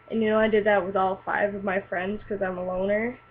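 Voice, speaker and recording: A woman's voice: mid-range voice, little pitch movement, normal speed. A teenage girl telling a personal story in a casual, rambling way, full of fillers and likes. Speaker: vlogger. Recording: tinny lo-fi webcam audio with faint hiss.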